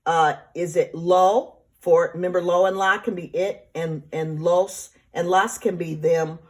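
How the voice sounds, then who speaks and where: A woman's voice: fairly low pitch, fairly even intonation, measured pace. A woman teacher explaining grammar step by step in a recorded lesson, patient and repetitive, often checking in with "right?" and "okay?". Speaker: Spanish teacher. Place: classroom or home, remote teaching.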